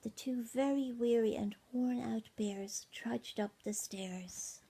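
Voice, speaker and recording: An older woman, a grandmother, reading a bedtime story to her grandchildren at home on a tablet. She speaks gently, often drops to a whisper, and stops to ask the children questions. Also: on the high side, slow, vocal fry, husky. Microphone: iPad mini.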